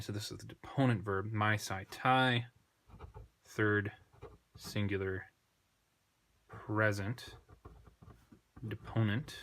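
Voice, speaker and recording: A man teaching a language lesson, working slowly through a text, thinking aloud and correcting himself as he goes. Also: fairly low pitch, fairly bright tone. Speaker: Greek tutor. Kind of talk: unscripted screen lesson.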